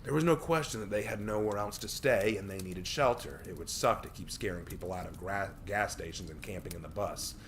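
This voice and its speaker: A man streaming a reading of his own story, narrating with lively delivery and the odd slip. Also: low voice, fairly quick, hardly any pauses, slight background noise. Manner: lively reading, some slips and restarts.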